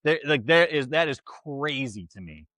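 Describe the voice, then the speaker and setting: A man's voice: a little high, lively intonation, normal speed, bright, forceful tone, dry recording. A man from Buffalo co-hosting a podcast, chatty and teasing in casual talk. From Buffalo, New York. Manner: chatty, teasing, laughs easily. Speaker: podcast co-host. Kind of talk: casual chat.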